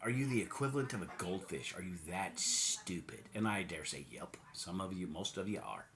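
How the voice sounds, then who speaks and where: American male commentator, mocking and sarcastic, pitch swings wildly. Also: animated, moderate pace, fairly bright tone. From United States. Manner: sarcastic, mocking, puts on silly voices. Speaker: political commentator. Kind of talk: ranting monologue.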